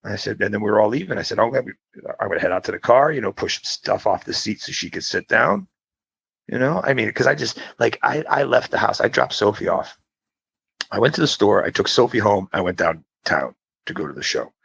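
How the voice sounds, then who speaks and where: Podcast co-host, male, husky voice, swings his pitch wide while spinning a casual anecdote. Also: fairly quick. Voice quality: gravelly, husky. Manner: animated storyteller, acts out quoted voices, swears. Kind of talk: casual storytelling chat.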